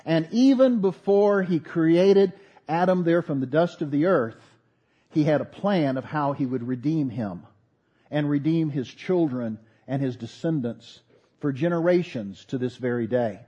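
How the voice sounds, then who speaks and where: A pastor preaching a sermon, earnest with folksy asides. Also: male voice, fairly high pitch, a little slow, mellow, husky, lo-fi sound.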